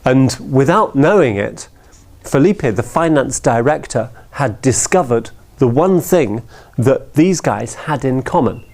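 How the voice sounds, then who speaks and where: A man's voice: medium pitch, animated, measured pace, darkish tone. A man giving a storytelling talk who often checks in with his listeners by asking "yeah?". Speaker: speaker.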